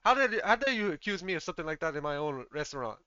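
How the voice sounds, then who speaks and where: A man's voice: medium pitch, fairly even intonation, moderate pace, bright, forceful tone, smooth, no room sound, dull audio, natural voice. A man voicing a proud, hot-tempered male restaurant chef who drops Spanish words into his talk. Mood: indignant.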